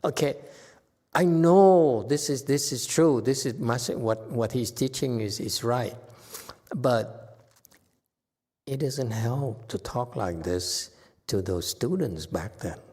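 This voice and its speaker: A man's voice: medium pitch, takes it slowly, darkish tone, breathy edge. A man as a Buddhist meditation master, giving a teasing Dharma talk, chuckling often and poking fun at himself. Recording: long hall reverb.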